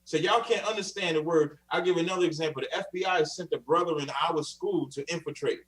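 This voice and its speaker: A man with a somewhat high voice lays out his case in a preachy, insistent way during a live online debate. He sounds set back from the microphone. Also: brisk, recorded from a distance, poor audio. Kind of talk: heated live-stream debate.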